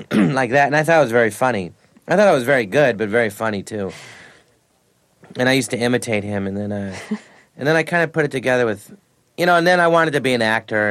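A man's voice: fairly low pitch, fairly bright tone. A man, an actor and comedian, telling rambling anecdotes in a radio interview. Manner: rambling anecdotes, frequent laughs.

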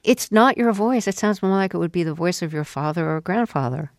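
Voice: medium pitch, lively intonation, fairly quick, no echo, studio quality. A radio interviewer holding a conversation, curious and asking direct questions.

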